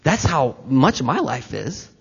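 A man's voice: medium pitch, very animated, a little slow, gravelly, husky. A man preaching a sermon to his congregation, talking conversationally with asides and direct questions to the listeners. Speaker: pastor. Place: church hall with congregation. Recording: echoey hall, slightly dull sound.

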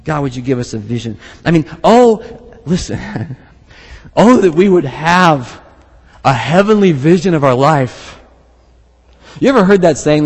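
Animated preaching man, hall reverb. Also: fairly high pitch, a little slow, long pauses, breathy edge. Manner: animated preaching, laughs, reads scripture aloud. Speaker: pastor. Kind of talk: sermon.

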